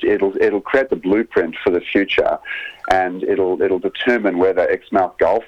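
A man with a very deep voice speaks earnestly as a campaigner, restarting his sentences often. He comes through a dull phone line. This is a radio interview. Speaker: conservation campaigner, phone guest.

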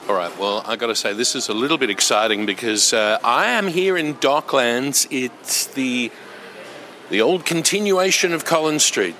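Bright-voiced Australian radio host. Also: male voice, medium pitch, animated, moderate pace, a little hiss or hum. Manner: chatty and enthusiastic, with many fillers. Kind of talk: community radio chat.

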